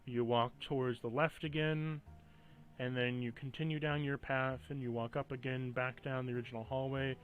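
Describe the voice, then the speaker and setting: A man's voice: medium pitch, little pitch movement, normal speed, phone-quality sound. A man running a tabletop game as game master, explaining the rules with hesitant fillers.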